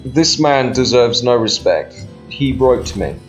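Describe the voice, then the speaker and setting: Man, casual game commentary, sarcastic, swears a lot, mid-pitched, unhurried. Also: lively intonation, soft background music. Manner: sarcastic, profane, exasperated. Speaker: gameplay commentator.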